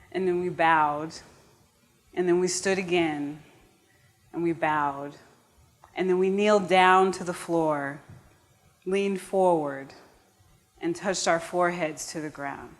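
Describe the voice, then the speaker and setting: American woman storyteller, lowish voice, earnest with audience asides, live stage. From United States. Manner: earnest and warm-humored, with frequent restarts and asides to the audience.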